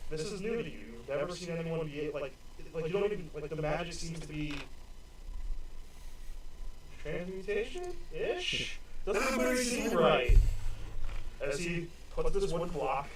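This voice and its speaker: Guy game-mastering a tabletop session, rambly with lots of fillers, slightly high voice, super echoey room, mic far away. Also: very animated, measured pace, a little hiss or hum. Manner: loose, rambling narration with fillers.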